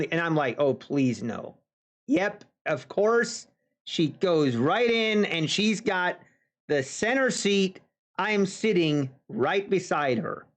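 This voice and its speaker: Slow-talking chatty man. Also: sits high, a bit bright. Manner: chatty, folksy asides to viewers. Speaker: futures trader streaming live. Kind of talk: casual anecdote on a livestream.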